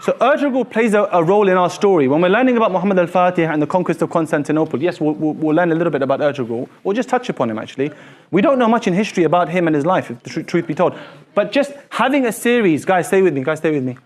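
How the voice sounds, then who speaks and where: A high-voiced male teacher lectures a classroom. He talks in an animated way, pressing his students with repeated questions like "so what?" and "why is that important?". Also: racing.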